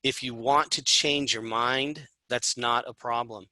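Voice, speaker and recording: A man walks listeners through a travel itinerary in a loose, chatty way, tossing in asides and fillers. His voice is strikingly bright and sits at a middling pitch. The sound is dry, with no room around it. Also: fairly even intonation, measured pace, no room sound, poor audio. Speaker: tour presenter. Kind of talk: informal travel presentation.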